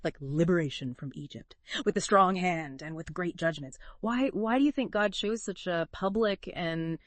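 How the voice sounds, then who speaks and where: A woman's voice: fairly low pitch, moderate pace, no echo. A woman co-hosting a Bible discussion podcast, chatty and full of fillers and rhetorical questions. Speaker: podcast co-host.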